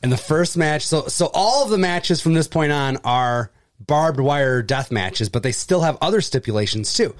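A man's voice: on the high side, expressive, normal speed, dry recording, studio quality. A man telling a story in casual podcast chat, loose and rambling with lots of fillers.

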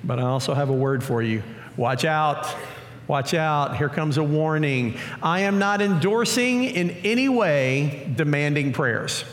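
A male pastor preaching a sermon in a lively, story-acting way, recorded in a church. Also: on the high side, a little slow, slight background noise. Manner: animated, acts out scripture stories. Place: church auditorium. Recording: long church hall reverb.

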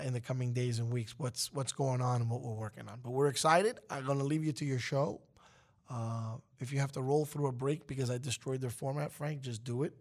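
A man who runs a college radio station, speaking casually on air in a rambling, upbeat way and laughing often. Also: medium pitch. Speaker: station manager.

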